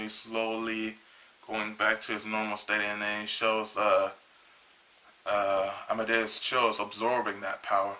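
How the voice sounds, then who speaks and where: A man with a very bright, sharp-edged voice retells a comic book's plot in a loose, casual way. He rambles and halts, restarting his sentences often, and sounds a little tired. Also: lowish voice, low-quality recording. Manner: rambling, halting, with many restarts. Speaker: comic book reviewer.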